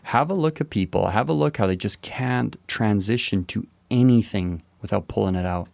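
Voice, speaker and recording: Brief: male podcast co-host, low gravelly voice, dry close sound, relaxed rambling storyteller. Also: moderate pace, dry recording. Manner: rambling storyteller, laid-back and joking. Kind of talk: casual chat.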